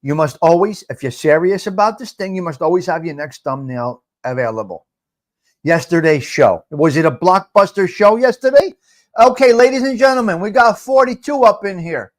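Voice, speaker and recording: A man's voice: high-pitched, expressive, moderate pace. A middle-aged man hosting a casual live chat, teasing viewers, repeating himself and dropping Italian phrases. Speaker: livestream host.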